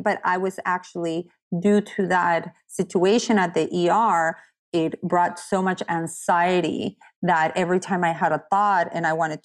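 A woman sharing a personal story as a podcast guest, talking candidly and earnestly, often quoting what others said to her. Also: fairly low pitch. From United States. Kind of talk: personal story in casual conversation.

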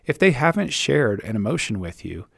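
A man's voice: mid-range voice, big pitch swings, normal speed, vocal fry, husky, no echo, clean studio sound. Encouraging man hosting an advice podcast. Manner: encouraging, reassuring. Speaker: podcast host and leadership coach.

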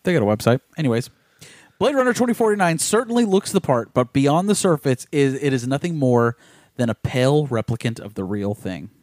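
A man's voice: medium pitch, animated, a little fast, a little mellow, dry recording, studio quality. A man co-hosting a casual podcast in a laid-back way, swearing casually. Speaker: podcast co-host. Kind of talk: casual chat.

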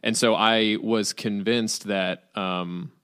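A man's voice: on the low side, fairly even intonation, slow, a bit bright, clear, resonant tone. A man who is a podcast guest, telling a story in casual chat with lots of fillers and easy laughter. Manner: rambling, filler-heavy, laughs easily.

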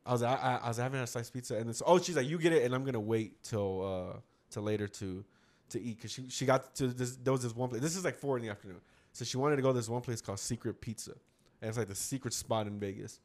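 Fast-talking casual man telling a story. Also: mid-range voice, darkish tone. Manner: rambling, slangy, quotes others mid-story. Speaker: storyteller among friends. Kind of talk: casual chat.

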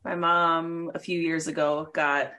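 A young woman co-hosting a podcast, her voice sitting a little low for a woman. She chats casually, laughs a lot, and her pitch leaps up whenever she gets excited. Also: a little slow. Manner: laughs often, animated pitch jumps. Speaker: podcast co-host. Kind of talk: casual chat.

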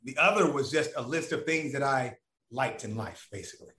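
A man's voice: medium pitch, brisk, reverberant, noisy background. A man telling a long personal story in casual, profane talk, acting out the voices of the people in it. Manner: animated, profane, acts out voices of others.

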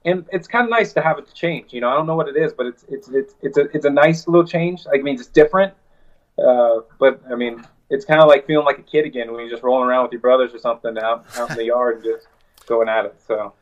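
A man's voice: medium pitch, quick pace, lo-fi sound. A man talking as a wrestler guest in a casual interview, telling stories in a loose, rambling way.

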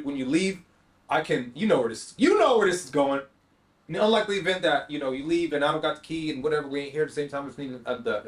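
A man with a fairly high speaking voice tells a story on his podcast in a loose, slangy style. He acts out both sides of each exchange with lively swings. The room around him adds a noticeable echo. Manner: animated, slangy storytelling with acted-out dialogue. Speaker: podcast host. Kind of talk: storytelling monologue. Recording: roomy echo.

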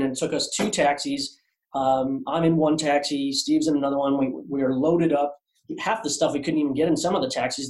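A man telling a long story as an artist guest on a podcast, rambling with many fillers and restarts. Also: medium pitch. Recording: roomy echo.

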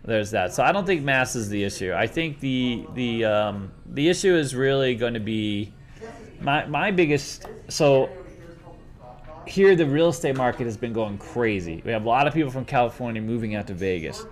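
A man's voice: mid-range voice, expressive, moderate pace. A man chatting casually as a local business owner, joking and rambling with frequent restarts. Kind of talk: casual chat. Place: based in Las Vegas.

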